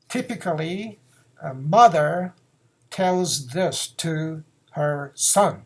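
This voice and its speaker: A man's voice: fairly high pitch, slow pace, slightly rough. A man, teaching phrases in a casual lesson, repeating words and acting out example lines. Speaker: Japanese teacher.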